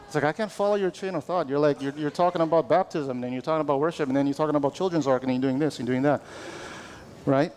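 Animated pastor in a reverberant hall. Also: male voice, medium pitch, quick pace, a little hiss or hum. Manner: animated, conversational preaching with call-and-response. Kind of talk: sermon. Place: church sanctuary.

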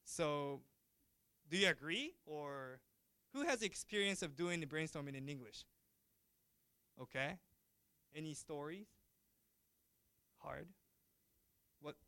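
A man giving a chatty, lively university lecture, asking the class questions as he goes. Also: fairly high pitch, slow pace, pauses often, clean tone, no echo. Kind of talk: classroom lecture switching between Japanese and English.

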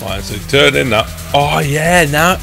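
Young male gaming host, sweary play-by-play, swings wildly in pitch, soft music behind. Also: lively intonation, measured pace, gravelly. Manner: frustrated, heavy swearing, talks to the car. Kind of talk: live gameplay commentary.

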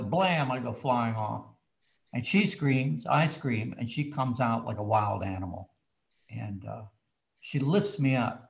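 An older man who writes children's books tells students a story from his childhood over a video call. His mid-range voice is creaky, and he's lively, dropping to a hush at the tense moments.

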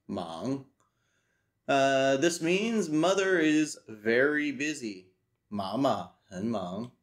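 Slow-paced man studying aloud. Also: mid-range voice, lively intonation. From United States. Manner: slowly repeats phrases aloud, thinking as he goes. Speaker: language learner teaching himself. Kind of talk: casual study walkthrough.

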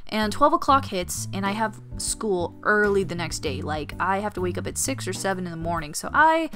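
A woman's voice: medium pitch, very animated, normal speed, a bit bright, faint music behind. A young adult woman telling college stories as a casual storytime vlog, chatty and full of fillers. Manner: chatty, filler-heavy, vivid retelling. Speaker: storytime vlogger, former resident assistant. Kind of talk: casual storytime while drawing.

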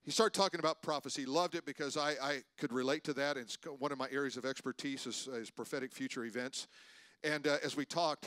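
A man pastor preaching a sermon, telling stories and swinging between loud preaching and hushed asides. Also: mid-range voice, steady tone, fast, no echo. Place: church sanctuary.

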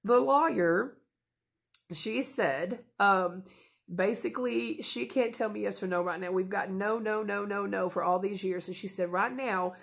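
A woman's voice: mid-range voice, unhurried, vocal fry. A woman in her thirties talking casually and earnestly to camera in a home vlog, rambling at times and openly emotional. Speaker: vlogger.

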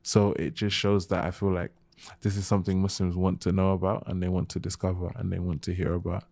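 A young man from the United Kingdom talks through ideas in a long, easygoing podcast answer, piling up examples and asides. His voice sits low and mellow, and the recording is close and dry with no room sound. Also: monotone, brisk, creaky, no echo. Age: young adult. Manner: expansive, explaining with examples and asides. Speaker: guest, Islamic history speaker. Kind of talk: conversational podcast interview.

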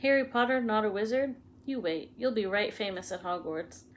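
A big gruff half-giant gamekeeper with a rough country way of talking, put on by a woman reading aloud. He is warm-hearted and blunt. A faint hum sits behind the storybook reading. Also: mid-range voice, expressive, moderate pace, lightly acted. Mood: amused. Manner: rough country speech, dropped words.

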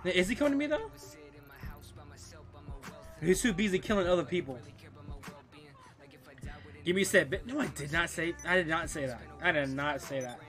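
Young male streamer with a high, bouncy voice and a bright edge; excitable trash talk over gameplay. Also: normal speed, long pauses, faint music behind. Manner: excitable trash talk, constant "bro" and "dude". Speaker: gaming streamer. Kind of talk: live gameplay commentary.

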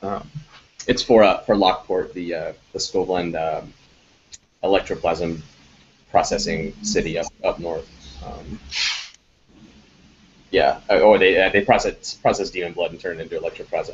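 A game designer in a casual live Q&A, answering audience questions with many ums and restarts. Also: male voice, low voice, fairly even intonation, moderate pace, long pauses, lo-fi sound, a little hiss or hum.

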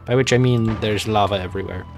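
A man's voice: on the low side, fast talker, faint music behind. A young man casually commenting on his own gameplay, rambling and joking, with sudden panicky outbursts. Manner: rambling, jokey, panicky bursts. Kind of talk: casual let's-play commentary.

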